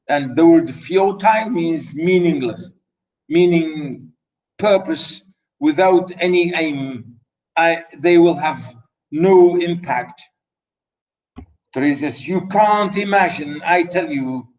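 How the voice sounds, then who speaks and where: Slow-talking male literature lecturer. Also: a little high, poor audio. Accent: Arabic-speaking. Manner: reads quotes aloud then paraphrases them with fillers. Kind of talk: lecture explaining a play line by line.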